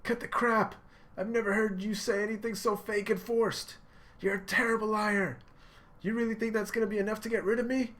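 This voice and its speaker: A man reading comic lines plays a stubborn young pirate captain who refuses to back down. The voice is pushed far higher than his normal speech and delivered as a loud, insistent shout. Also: level tone, a little fast. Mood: defiant. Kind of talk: reading manga dialogue aloud.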